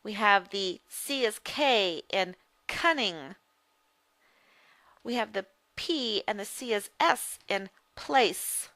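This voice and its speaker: A woman teaching reading in a slow, measured way. Her voice is bright and crisp and sits a little high, and it is recorded close and dry. She repeats each word carefully so learners can follow. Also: expressive, dry recording. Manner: slow, deliberate, repeats words for drill. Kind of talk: scripted phonics lesson.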